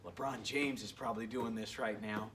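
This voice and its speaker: A man's voice: fairly low pitch, steady tone, normal speed, recorded from a distance, noisy background. A man leading a workout as a PE coach, upbeat and encouraging, joking as he goes, sometimes a bit out of breath. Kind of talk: home workout instruction.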